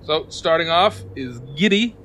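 A man's voice: fairly high pitch, expressive, unhurried, a bit bright, a little hiss or hum. Man narrating as game master. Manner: loose, repeats words while narrating.

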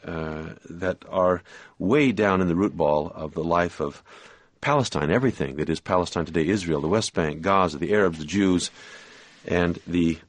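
A man hosting a public radio talk show, asking measured, probing questions and giving the call-in number. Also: low-pitched, no echo. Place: radio studio. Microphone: studio microphone.

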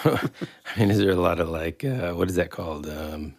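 A man's voice: sits low, expressive, moderate pace, a little mellow, no echo, studio quality. A man co-hosting a casual podcast, rambling and searching for words as he teases his partner. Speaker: podcast co-host.

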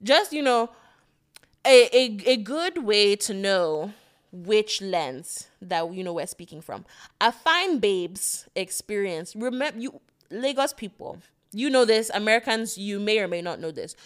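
Playful smooth-voiced woman podcast host. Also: medium pitch, measured pace. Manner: playful, animated storytelling. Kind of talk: casual chat.

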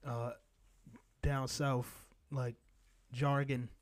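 A man's voice: mid-range voice, flat delivery, drawn-out words. A young man co-hosting a podcast in casual chat, blunt and opinionated, swearing freely. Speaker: podcast co-host.

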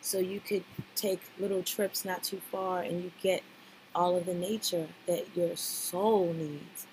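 A woman's voice: on the low side, fairly even intonation, unhurried, a little mellow, slight background noise, poor audio. A woman hosting a casual podcast, chatting and gushing as she reacts to a TV episode. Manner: chatty and gushing, lots of fillers. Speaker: podcast host reacting to a reality show. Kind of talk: casual chat.

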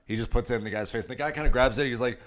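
A man's voice: mid-range voice, racing. A man co-hosting a podcast in casual chat, telling rambling stories with jokes. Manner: joking, rambling storyteller. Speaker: podcast co-host. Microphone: mic on a stand.

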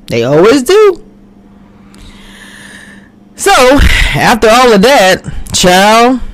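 A woman giving a casual recap of a TV drama, animated and quick to act out the characters' lines. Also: medium pitch, no room sound. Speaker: TV recap reviewer. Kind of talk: casual chat. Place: home, recording a live stream.

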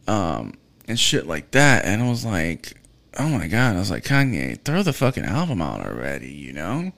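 A man's voice: fairly low pitch, very animated, moderate pace, creaky, a bit bright. A man hosting a podcast, rambling casually with frequent swearing, fillers and restarts. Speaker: podcast host.

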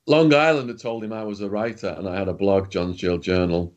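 A man's voice: on the low side, steady tone, brisk, hardly any pauses. A man, a guest, telling casual prison stories in a blunt, swearing way. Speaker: guest, former prisoner and author. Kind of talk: casual storytelling.

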